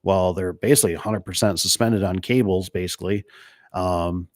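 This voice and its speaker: A man's voice: low voice, fairly even intonation, moderate pace, dry recording, clean studio sound. A middle-aged man from Michigan who runs a door and gate business, chatting casually while reading viewer comments and rambling through stories. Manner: rambling, storytelling, mimics voices in quotes. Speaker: door and gate installer hosting a live stream.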